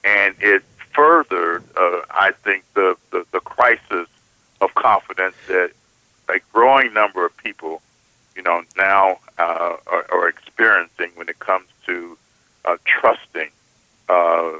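A man giving political commentary as a guest, halting and often repeating his words. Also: sits low, bright, forceful tone, dry recording, dull audio.

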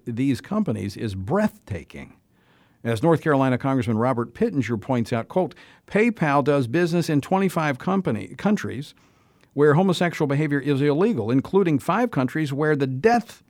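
A man's voice: medium pitch, darkish tone, no room sound. A man hosting a talk radio show, delivering emphatic, indignant commentary and introducing a guest.

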